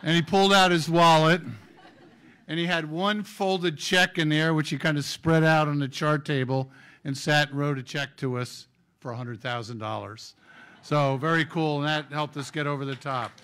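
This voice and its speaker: Male awards emcee, bright, upbeat storyteller. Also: fairly high pitch, normal speed, clean tone. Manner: lively anecdotal storytelling with jokes. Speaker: ceremony emcee. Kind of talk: award ceremony speech.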